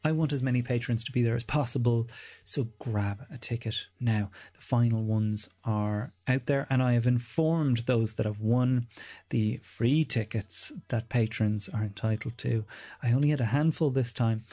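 A man's voice: mid-range voice, warm tone, dull audio. A man with an Irish accent, hosting a podcast and reading out show announcements in a chatty way. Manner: chatty, plugs events and merchandise. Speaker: podcast host. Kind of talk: podcast ad read.

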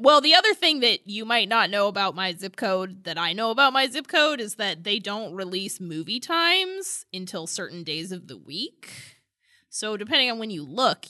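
A woman's voice: medium pitch, sing-song, normal speed, sharp tone, no echo, studio quality. A woman co-hosting a podcast in casual chat, talking in a chatty way and laughing often. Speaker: podcast co-host.

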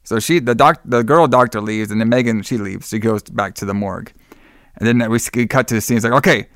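A man's voice: fairly low pitch, fast talker, a bit bright, no echo, studio quality. A man casually recapping a horror movie as podcast co-host, rambling, swearing and laughing often.

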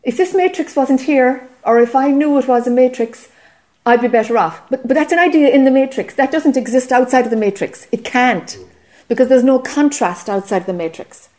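A woman's voice: high-pitched, brisk, darkish tone. A woman with an Irish accent giving a spiritual teaching talk to a group, earnest and often checking whether listeners follow.

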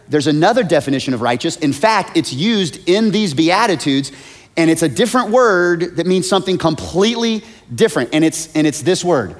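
A man preaching a sermon as a pastor, swinging between hushed, almost whispered asides and loud, high-pitched shouts. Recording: long hall reverb.

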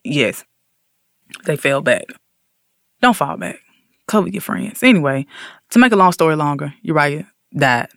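A man casually retelling a story on a talk show, slangy and animated, acting out the quotes. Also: a little high, unhurried, gravelly, pauses often, dry recording, clean studio sound. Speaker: podcast co-host.

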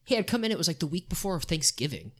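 Male podcast co-host: bright and lively, an animated, profane storyteller. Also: fairly high pitch, fast. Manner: animated storyteller, swearing, laughing while talking. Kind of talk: casual podcast chat.

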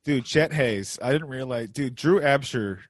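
A man's voice: mid-range voice, a little slow, dry recording. A man hosting a podcast, chatting casually and riffing on jokes and stories. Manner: joking, riffing, animated storytelling. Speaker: podcast host. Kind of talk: casual chat.

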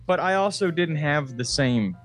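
A man's voice: a little high, lively intonation, normal speed, faint music behind. A man co-hosting a podcast, rambling through casual chat, swearing often and laughing a lot. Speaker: podcast co-host.

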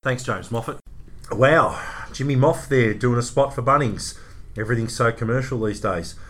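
An Australian man co-hosting a casual motorsport podcast, bantering and excitable. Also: mid-range voice, normal speed. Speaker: podcast co-host.

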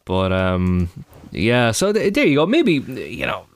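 A man's voice: mid-range voice, wildly swooping pitch, slow pace, vocal fry, no room sound. A man in his thirties with an Irish accent, co-hosting a podcast in a rambling, chatty way full of fillers. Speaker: podcast co-host. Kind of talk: casual podcast chat.

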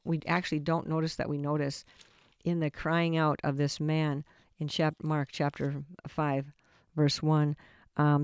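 A man's voice: fairly high pitch, darkish tone, smooth, no room sound, clean studio sound. A man giving an informal Bible teaching sermon, earnest and conversational, often restarting his phrases. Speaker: preacher.

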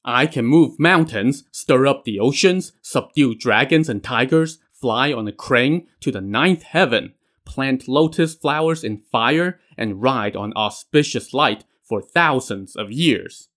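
A man's voice: medium pitch, expressive, measured pace, hardly any pauses, a bit bright. A man voicing a boastful, scheming male immortal apprentice who persuades and brags in a storybook tale. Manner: persuasive, bragging.

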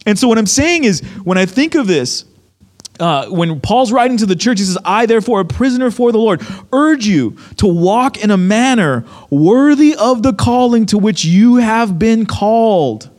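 A man's voice: high voice, moderate pace. A young man preaching a sermon, telling a story with lots of acted-out quotes. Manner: animated storytelling, acts out quotes. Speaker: pastor.

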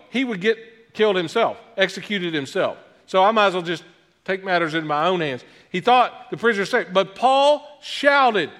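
Animated high-voiced pastor preaching in a hall. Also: male voice. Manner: self-deprecating joking asides, animated delivery. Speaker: guest pastor. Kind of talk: sermon. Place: church sanctuary. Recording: long hall reverb.

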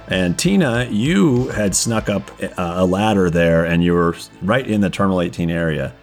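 A man's voice: low-pitched, lively intonation, normal speed, faint music behind. A man running a tabletop game as game master, narrating casually with lots of swearing. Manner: casual, profane, laughing.

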